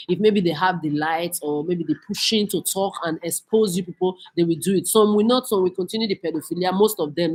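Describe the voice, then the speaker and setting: Lady venting hard at the camera, husky voice, swears a lot, keeps repeating herself. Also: fairly low pitch. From Nigeria. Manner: heated, accusing, profane, repetitive. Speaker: vlogger. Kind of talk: angry profane rant to camera.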